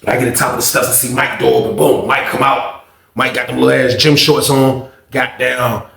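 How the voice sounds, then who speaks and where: A man telling a story in a casual, animated, profane way, full of repetition. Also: medium pitch, brisk, vocal fry, reverberant.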